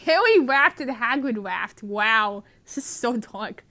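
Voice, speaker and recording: A woman's voice: on the high side, expressive, slow, few pauses, bright, forceful tone. A woman reading a mistranslated movie script aloud for comedy, laughing throughout. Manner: laughs constantly. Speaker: narrator.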